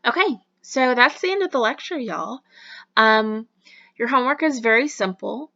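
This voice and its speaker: A woman's voice: on the high side, lively intonation, moderate pace, vocal fry, sharp tone. A young woman instructor giving homework instructions at the end of a recorded online lecture, casual and full of ums. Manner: casual, filler-heavy with many ums. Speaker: college instructor. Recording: dull lo-fi recording.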